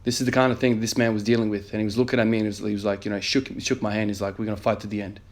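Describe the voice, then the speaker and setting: Low, flat-voiced man. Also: very fast. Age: 30s. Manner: earnest, many fillers, calls listeners "man". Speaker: emergency nurse. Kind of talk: motivational vlog talk.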